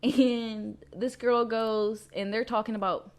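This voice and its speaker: A woman's voice: fairly high pitch, fairly even intonation, slow pace. A woman co-hosting a podcast, telling stories in a blunt, slangy, profane way. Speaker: podcast co-host. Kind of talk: casual chat.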